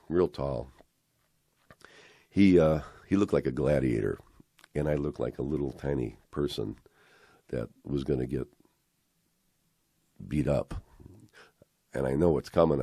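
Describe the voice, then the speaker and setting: A man's voice: rumbling low, creaky, warm tone, no room sound, clean studio sound. An older man from the Chicago area telling a story from his childhood in a casual, rambling way, with many fillers and his past thoughts acted out.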